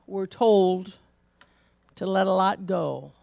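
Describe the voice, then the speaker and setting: An older woman, a grandmother, preaching a sermon full of personal stories, swinging between loud and hushed. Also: mid-range voice, takes it slowly, vocal fry, no room sound, clean studio sound. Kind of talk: storytelling sermon.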